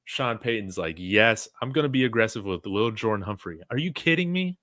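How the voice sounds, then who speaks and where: Excitable man calling a game live. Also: lowish voice, brisk, no room sound, studio quality. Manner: excitable, shouts on big plays, reads chat aloud. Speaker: fan watch-along commentator. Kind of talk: live play-by-play reaction stream.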